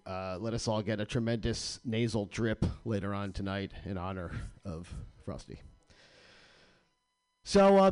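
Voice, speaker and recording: A man's voice: medium pitch, darkish tone, smooth, no room sound. A man hosting a radio show, ranting with crude, sarcastic comedy in a studio.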